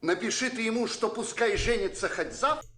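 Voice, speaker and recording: An actor playing a sarcastic, cantankerous older prince in a film drama, mocking and scornful. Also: male voice, high-pitched, animated, brisk, fairly bright tone. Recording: roomy film soundtrack, faint ambience.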